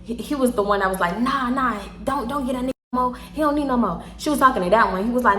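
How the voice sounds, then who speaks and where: A woman with a Houston accent telling a story casually to her viewers, animated, slangy and quick to laugh. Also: on the high side. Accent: Southern US, Houston. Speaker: storytime vlogger. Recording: echoey room.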